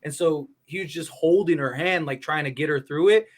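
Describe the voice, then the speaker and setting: A man's voice: fairly high pitch, moderate pace. A man chatting casually on a podcast, rambling with lots of fillers and restarts. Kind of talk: casual chat.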